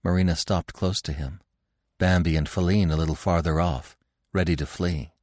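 A man narrating a classic novel in an expressive, dramatic storytelling manner. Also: sits low, moderate pace, no echo, clean studio sound.

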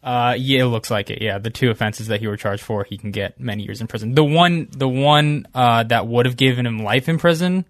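A man's voice: mid-range voice, a little fast, few pauses, no echo. A man in casual podcast chat, speaking matter-of-factly. His voice sits mid-range. The sound is dry and close.

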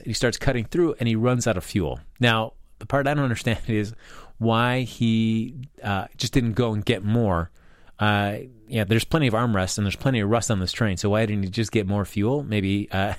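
Guy recapping a show, kinda low voice, dry room, lots of uhs. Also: dry recording. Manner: rambling, many fillers and restarts. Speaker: TV episode recapper. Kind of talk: casual episode recap.

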